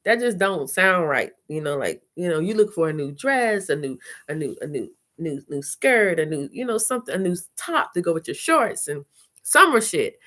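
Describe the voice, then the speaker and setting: A woman hosting a live chat, telling stories casually, swearing, and playing out conversations in quick voices. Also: lowish voice. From lived in New Orleans. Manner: chatty, animated, swearing, retells talks in quick voices. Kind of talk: casual live-stream storytelling.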